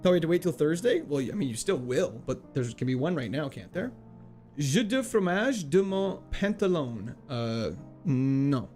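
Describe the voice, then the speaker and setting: Soft music plays behind a young game streamer who answers chat in a playful, joking manner, laughing quickly and throwing in mock French. He speaks in a mid-range voice with lively intonation and a warm tone.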